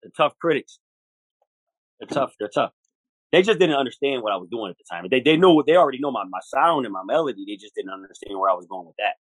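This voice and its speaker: A man, a hip hop artist guest in a casual interview, talking in an animated, profane way and acting out quoted voices. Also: mid-range voice, racing, hardly any pauses, no echo, low-quality recording. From United States, Buffalo, New York. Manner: animated and profane, acts out quoted voices, often says "you know what I mean".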